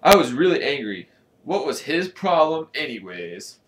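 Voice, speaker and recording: A man reads a storybook aloud in a casual, lively way, his pitch moving a lot. He breaks off now and then for joking asides. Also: normal speed. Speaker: channel host reading aloud.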